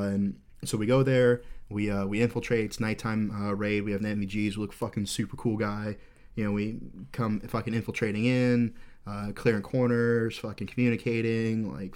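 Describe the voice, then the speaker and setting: Low-voiced man telling a profane war story. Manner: profane, rambling, candid storytelling. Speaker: podcast host.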